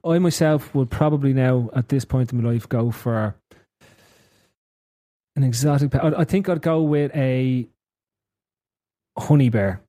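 A man's voice: mid-range voice, measured pace, pauses often, warm tone. A man hosting a casual podcast chat, rambling and repeating himself as he talks. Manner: rambling, repeats words, laughs often. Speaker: podcast host.

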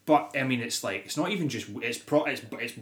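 A young man co-hosting a casual podcast chat, swearing, laughing and acting out quotes in shrill voices. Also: animated, fairly quick, echoey room. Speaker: podcast co-host.

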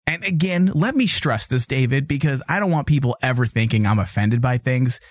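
A man's voice: medium pitch, brisk, no echo. A man co-hosting a casual podcast, talking emphatically and repeating points to stress them. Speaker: podcast co-host.

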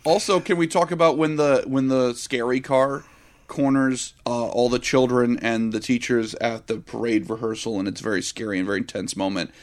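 A man's voice: medium pitch, fairly even intonation, moderate pace. A young adult man co-hosting a casual movie podcast, joking, swearing and acting out scenes. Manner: profane, jokey, acts out characters. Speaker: podcast co-host. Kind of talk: casual movie review chat.

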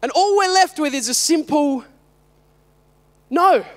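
A man in his thirties delivers a sermon, building his point through emphatic, repeated rhetorical questions. His speaking voice sits unusually high for a man. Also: animated, slow pace. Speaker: preacher.

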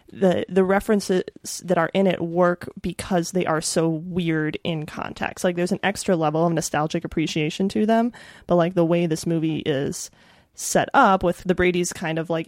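A woman's voice: on the low side, a little mellow, no room sound, studio quality. A woman co-hosting a film podcast, chatting casually and filling her talk with "like". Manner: filler-heavy, says "like" constantly. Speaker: podcast co-host.

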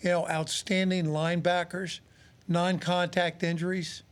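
A man in his sixties with a noticeably high voice talks football in a relaxed studio chat. He is a former pro player turned radio analyst, and he tells his stories with lively acted-out quotes. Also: measured pace. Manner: animated storyteller, acts out quotes. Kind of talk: casual sports talk.

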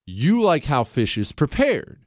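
A man's voice: on the high side, wildly swooping pitch, unhurried, no room sound. Male talk host, combative and teasing, voice swinging up and down, dry studio sound. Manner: emphatic, combative, teasing and repetitive. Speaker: radio talk show host. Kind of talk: opinionated monologue.

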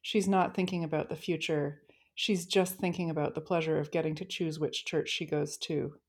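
A woman's voice: sits low, normal speed, breathy edge. A woman co-hosting a casual book discussion, talking enthusiastically and telling stories about scenes. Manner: enthusiastic, lively storytelling.

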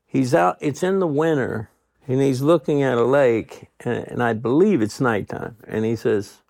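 A man's voice: mid-range voice, moderate pace, vocal fry, darkish tone, no echo, clean studio sound. A man talking as a guest in casual chat, telling rambling, profane stories.

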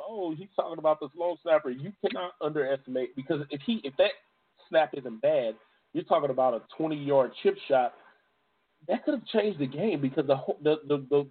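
A man's voice: fairly high pitch, slightly rough. A man co-hosting a casual sports podcast, loose and informal, often breaking into laughter. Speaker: podcast co-host. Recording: tinny phone-like audio.

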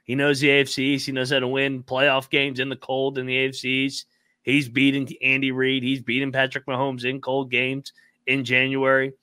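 A man's voice: medium pitch, monotone, normal speed, sharp tone, clear, resonant tone, dry recording, clean studio sound. A male podcast co-host in casual chat who rants in an emphatic, fired-up way and swears freely. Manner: fired-up, profane, emphatic ranting.

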